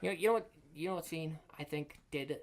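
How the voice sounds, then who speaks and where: A woman co-hosting a podcast in casual chat, retelling scenes with animated quoted voices. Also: sits low, fast talker, slight background noise. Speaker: podcast co-host.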